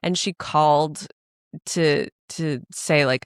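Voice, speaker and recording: A woman co-hosting a podcast chats casually, animatedly telling stories and acting out the people she quotes. Her deep voice is gravelly yet smooth, and she speaks extremely slowly in a dry, clean studio recording.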